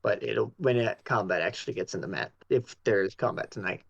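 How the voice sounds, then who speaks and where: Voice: low voice, a little fast, creaky, no echo. A game master narrating a tabletop game in a playful way. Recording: dull, dry home mic.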